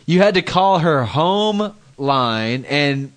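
A man's voice: a little high, lively intonation, slow pace, fairly bright tone. A man co-hosting a podcast in casual comedic chat, crude and bantering, often laughing. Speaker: podcast co-host.

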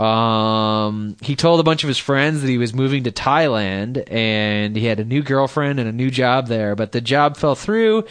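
A man's voice: mid-range voice, expressive, moderate pace, hardly any pauses, clean tone, no echo. A man co-hosting a podcast in casual chat, reading news stories aloud with joking asides. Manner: rambling, jokey, reads news aloud with asides.

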